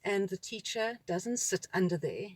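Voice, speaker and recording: A woman with a South African accent, a school principal, talking in a relaxed discussion and acting out what children and parents say. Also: mid-range voice, measured pace, dry recording. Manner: animated, acts out children's and parents' voices. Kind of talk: conversational discussion.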